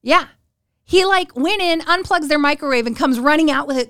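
A podcast guest in her forties casually recounts family stories, jumping her voice around to impersonate the people she quotes. Her voice is high-pitched and a bit bright, at a moderate pace, in a dry recording with clean studio sound.

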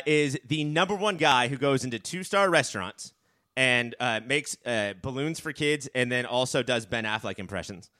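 A man hosting a comedy podcast, setting up absurd bits in a playful way. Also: mid-range voice. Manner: playful, deadpan setups. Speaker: host.

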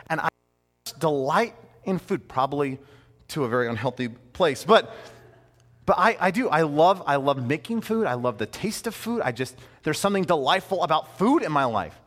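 Animated male pastor in a reverberant hall. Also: fairly high pitch, moderate pace. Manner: animated, conversational, with playful asides. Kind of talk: sermon.

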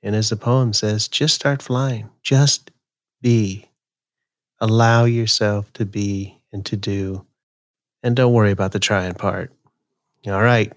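A man's voice: fairly low pitch, no echo, clean studio sound. A man hosting a podcast, chatting casually in a folksy way and reading his own poem aloud. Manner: slow, relaxed, folksy delivery. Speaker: podcast host. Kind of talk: casual talk and poetry reading.

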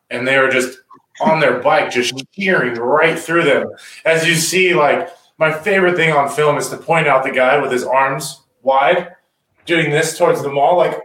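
A man and former rugby captain, breaking down rugby play in casual podcast talk and acting out players' voices with energy. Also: on the high side. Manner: animated, acts out players' talk in quick voices. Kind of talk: casual sports podcast analysis. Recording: roomy echo.

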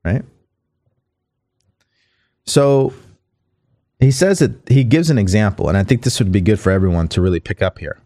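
Low-voiced man giving motivational talk. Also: dark tone, no room sound. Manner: repeats and slows down key lines for listeners. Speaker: podcast host. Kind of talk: motivational talk, reading aloud from a book.

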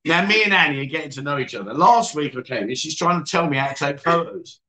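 On the high side and sharp in tone, his voice has lively intonation and a quick pace. As host of a casual livestream in a bar or venue indoors, he reads viewer comments and teases his guests in a chatty, joking way.

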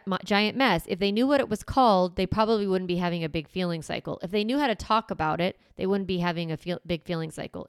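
A woman parenting coach hosting a podcast, talking in a lively, conversational way and repeating key steps for emphasis. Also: mid-range voice, gravelly, clear, resonant tone, no room sound, clean studio sound.

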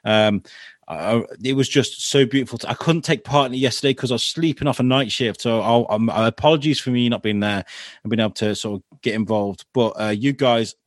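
A man's voice: mid-range voice, brisk, no echo. Chatty man hosting a podcast, dry sound. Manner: chatty, upbeat, many fillers. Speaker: podcast host. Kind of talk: casual interview chat.

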